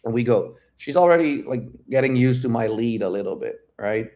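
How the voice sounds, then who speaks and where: A man working as a dating coach, telling viewers a dating story in a blunt, profane, unhurried way. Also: medium pitch, lively intonation, dark tone.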